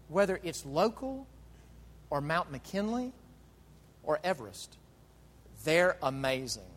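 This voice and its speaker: A man preaching a sermon as pastor, emphatic, with rhetorical questions and dramatic pauses. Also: fairly high pitch, fairly bright tone, long reverb tail.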